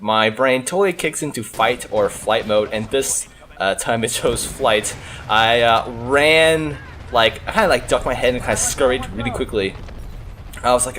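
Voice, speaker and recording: A man, a gaming channel host, telling a story in a chatty, animated way, full of "like" and "uh". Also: medium pitch, normal speed, a little hiss or hum. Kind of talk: casual storytelling over gameplay. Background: faint background music.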